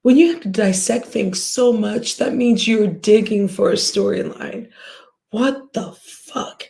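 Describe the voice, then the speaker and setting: A woman's voice: mid-range voice, a little slow, creaky, dark tone. A woman hosting a livestream, ranting bluntly and profanely at her viewers with scoffs and sighs. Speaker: livestream host.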